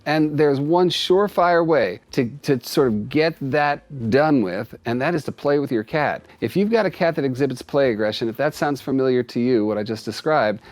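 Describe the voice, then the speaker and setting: A man speaking casually to camera as a cat behavior expert, animated and explanatory, sometimes jumping up high to act out voices. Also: dry recording. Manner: animated, acts out cats' voices in high pitch.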